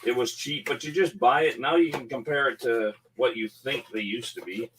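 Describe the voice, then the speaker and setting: A man's voice: mid-range voice, normal speed, noisy background. A man chatting as a guest on a whisky show, rambling and joking through asides. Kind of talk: casual chat.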